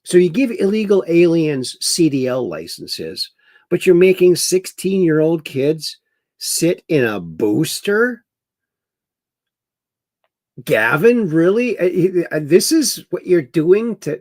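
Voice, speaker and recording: A man's voice: fairly high pitch, big pitch swings, takes it slowly, a little mellow, no echo, clean studio sound. A man hosting a livestream, reading viewer chat aloud and mocking the news with chuckles. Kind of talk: casual political commentary livestream. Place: home in Wisconsin.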